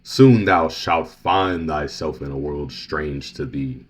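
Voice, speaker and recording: Brief: ancient commanding deity, deep and deliberate, read by a man doing the voice. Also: exaggerated voice. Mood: solemn. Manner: slow archaic proclamations. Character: ancient solemn deity, male, vast and commanding.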